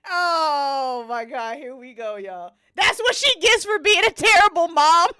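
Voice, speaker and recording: A woman's voice: high-pitched, expressive, a little slow, pushed and bright, dry recording, studio quality. A woman hosting a casual livestream, reading game events aloud and reacting with frequent laughter and swearing.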